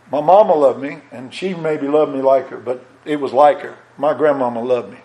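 A middle-aged man preaching a folksy sermon in a church, with restarts, rising in pitch and volume when he stresses a point. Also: a little mellow, rough recording. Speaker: pastor.

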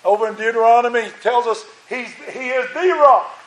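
A man's voice: extremely high pitch, fairly quick, a bit bright. A male pastor preaching a sermon with emphatic, repeated phrases, his voice strained. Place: church sanctuary. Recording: echoey church room.

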